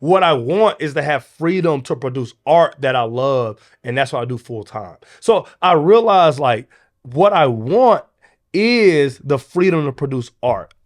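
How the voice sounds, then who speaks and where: A man in his thirties from the United States hosts a motivational podcast. He talks in a lively, conversational way and drops casual slang. His voice sits a little on the high side. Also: measured pace. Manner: animated, conversational, laughs often, casual slang. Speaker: podcast host.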